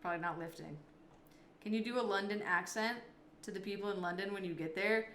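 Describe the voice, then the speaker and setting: A woman's voice: mid-range voice, a little fast, a bit bright, reverberant, a little hiss or hum. A woman streamer chatting casually with her viewers and answering their messages. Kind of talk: casual live-stream chat.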